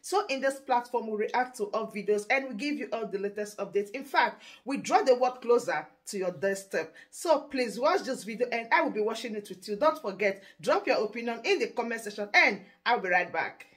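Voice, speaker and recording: A woman's voice: fairly high pitch, lively intonation, a little fast, few pauses. Effusive woman channel host. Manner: effusive, grateful. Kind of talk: scripted channel greeting.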